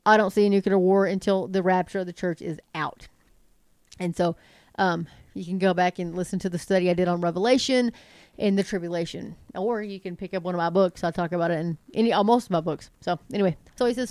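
In a lowish, slightly mellow voice that runs a little fast, a congested middle-aged woman with a sinus cold presents her online commentary show. She reads the news like a sermon and keeps asking viewers rhetorical questions, captured on a dry recording.

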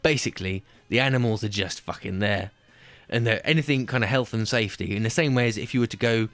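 A man's voice: lowish voice, fast talker, a bit bright, dry recording. A man in casual comedic chat, swearing a lot and joking around. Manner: swearing, jokey, slips into silly put-on voices.

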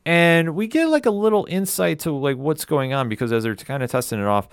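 A man's voice: fairly high pitch, animated, fairly quick, clear, resonant tone, no room sound, clean studio sound. A man on a podcast panel, casually narrating a TV plot with emphatic rises and "like" fillers. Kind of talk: casual chat, episode recap.

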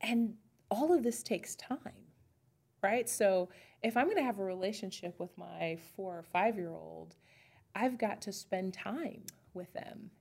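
A woman pastor co-hosting a casual podcast chat about faith. She talks in a thoughtful, searching way, pausing and restarting as she works through an idea. Her voice sits at an ordinary mid pitch for a woman. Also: vocal fry, darkish tone.

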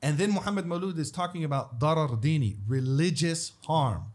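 A man's voice: a little high, fairly quick. A man, a guest in a casual talk, telling stories and acting out the people in them. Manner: animated, acts out the people in his stories. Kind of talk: casual storytelling.

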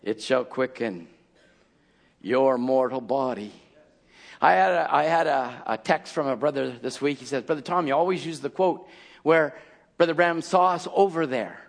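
A man preaching a fiery sermon, calling out to his congregation and often rising into shouted exhortation. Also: mid-range voice, moderate pace, gravelly.

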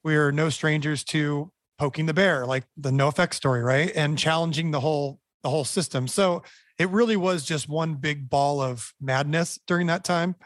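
A man's voice: on the high side, moderate pace, dry recording. A man in an interview, bluntly telling a wild story and swearing freely. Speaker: band member guest.

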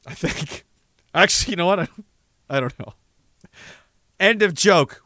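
A man's voice: high-pitched, animated, measured pace, pauses often, bright, forceful tone, no echo, clean studio sound. A man, hosting a livestream and reading out viewer messages in a rambling, profane and sardonic way. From Canada. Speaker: livestream host.

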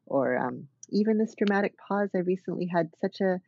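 A woman's voice: on the low side, lively intonation, brisk, dark tone, husky, dull audio. A woman dance artist talking thoughtfully as an interview guest, with many fillers and restarts. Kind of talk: reflective conversational interview.

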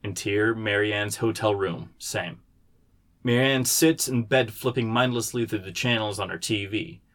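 A man, the writer, reading the stage directions of his screenplay aloud in a steady way. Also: lowish voice, normal speed.

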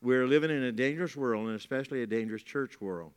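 A man's voice: mid-range voice, quick pace, hardly any pauses, smooth. A man preaching a sermon as pastor, folksy and repeating key lines for emphasis, with casual asides. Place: church hall. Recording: long reverb from a church hall.

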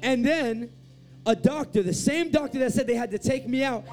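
A high-pitched man preaches a personal testimony, swinging between hushed, low moments and loud, fired-up passages. Faint music plays under his voice. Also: moderate pace. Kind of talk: sermon storytelling.

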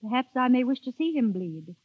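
A woman's voice: on the high side, big pitch swings, a little fast, breathy edge, no echo. A young woman voicing a schoolmistress who poses as a coquettish niece, speaking theatrically with frequent sighs and exclamations in an old radio drama. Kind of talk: 1930s radio drama acting. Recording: tinny lo-fi old radio broadcast with faint music.

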